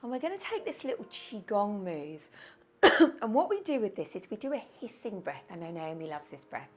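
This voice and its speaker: A woman teaching a yoga class over a video call, guiding slow breathing in a soothing way with audible sighs. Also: medium pitch, sing-song. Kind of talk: guided yoga class instruction. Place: indoors, windy weather outside.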